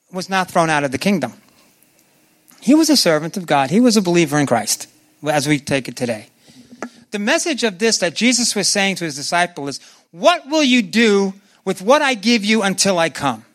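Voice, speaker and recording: Male preacher, high-pitched, lively sermon delivery, puts on voices for scripture. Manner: animated, acts out biblical voices with swings in pitch; asks the congregation questions.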